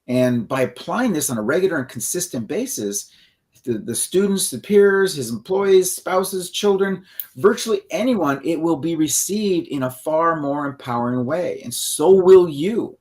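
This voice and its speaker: A man's voice: fairly high pitch, expressive, measured pace, darkish tone. A middle-aged man co-hosting an instructional conversation, explaining with frequent restarts and checking in with "okay?". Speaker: co-host.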